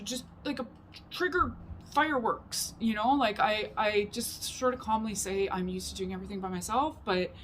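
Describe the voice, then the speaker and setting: A woman's voice: a little high, fairly bright tone, slight background noise. A woman vlogger telling a personal story to camera, rambling and emphatic, with many fillers. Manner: rambling and emphatic, heavy use of "like".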